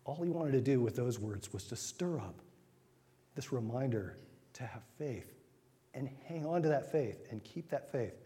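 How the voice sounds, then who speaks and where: A man giving an informal sermon, retelling scripture in a conversational way with quick acted asides. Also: medium pitch, expressive, mellow. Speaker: preacher. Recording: long hall reverb.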